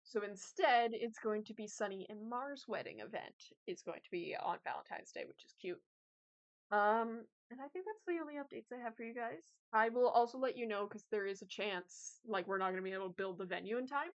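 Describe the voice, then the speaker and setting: Animated and brisk, a young female streamer with a mid-range voice talks casually to her viewers, rambling, laughing, and using plenty of fillers. The lo-fi recording comes across slightly dull.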